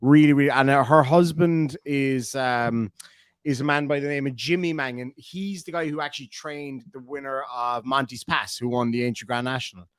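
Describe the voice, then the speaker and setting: A man's voice: mid-range voice, moderate pace, smooth, no echo, studio quality. Chatty Irish man on a livestream. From Ireland. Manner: rambling, chatty, many fillers. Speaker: livestream host. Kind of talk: casual live chat reading comments.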